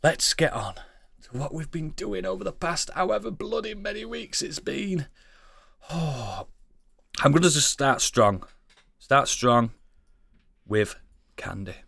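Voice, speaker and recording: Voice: medium pitch, very animated, slow pace, creaky, pauses often, fairly bright tone, breathy edge, dry recording. A podcast host in casual chat who teases the others, laughs often and keeps the show moving. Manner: teasing, laughs often, moves the show along.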